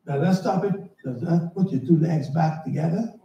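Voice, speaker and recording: A man preaching a sermon as pastor, animated and storytelling, sometimes shouting. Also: on the high side, moderate pace, highs cut off. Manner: animated, shouting at times, storytelling with acted dialogue. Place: church. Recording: echoey church hall, mic at a distance. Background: congregation answering.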